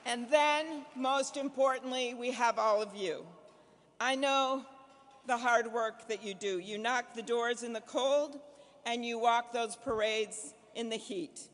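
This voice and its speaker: A middle-aged woman from Minnesota speaks at a podium microphone, landing punchy applause lines and then rattling off a quick anecdote. Her voice carries through a large banquet hall with a long, ringing reverb. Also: on the high side, a bit bright. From Minnesota, USA. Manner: rousing, punchy applause lines with a repeated refrain, shifting to brisk anecdote. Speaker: senator giving a keynote. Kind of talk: political fundraiser dinner speech.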